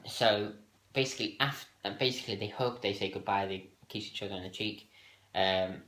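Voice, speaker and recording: A man with a lowish but bright, forceful voice talks casually through a countdown, stumbling and restarting often. He is recorded in an echoey room. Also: moderate pace. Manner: hesitant, many fillers and restarts. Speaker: video host ranking TV moments. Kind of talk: casual solo countdown talk.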